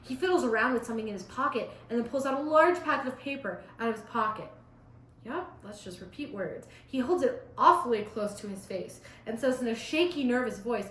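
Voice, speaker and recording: A woman's voice: on the high side, animated, brisk, slight background noise. A teenage girl reading her old fan story aloud, breaking off for sarcastic, chatty asides. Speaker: vlogger. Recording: roomy echo.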